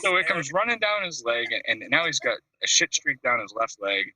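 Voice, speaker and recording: Man, animated storyteller, bright slightly husky voice, video call audio, distant from mic. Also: mid-range voice, a little fast, dry recording. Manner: lively storyteller, acts out voices, laughs at his own story. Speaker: call-in show host.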